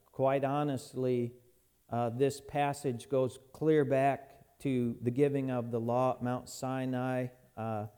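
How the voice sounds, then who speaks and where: A man's voice: mid-range voice, dark tone, clear, resonant tone. A man preaching a sermon as pastor in a church, folksy and conversational, often restarting his phrases.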